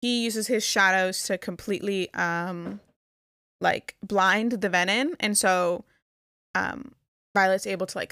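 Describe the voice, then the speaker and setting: A woman's voice: lowish voice, pushed and bright, dry recording, clean studio sound. A young woman co-hosting a podcast, casually retelling a story with lots of "like" fillers. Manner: rambling retelling with many "like" fillers. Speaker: podcast co-host. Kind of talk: casual chat.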